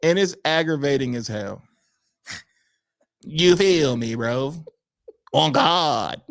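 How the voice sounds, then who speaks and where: A man from Pittsburgh co-hosting a podcast, animated and opinionated, slipping into mimicked voices. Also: a little high, slow, gravelly. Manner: animated, acts out quoted voices while ranting. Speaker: podcast co-host. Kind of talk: casual opinion chat.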